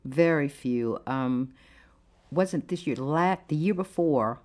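A woman poet being interviewed and reading her own work, unhurried and quick to laugh. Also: low-pitched, a little mellow. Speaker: guest poet. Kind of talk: interview conversation and poetry reading.

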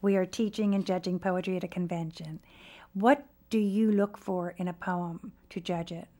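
A woman hosting an interview, asking brisk, playful questions. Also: lowish voice, steady tone, mellow. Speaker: host.

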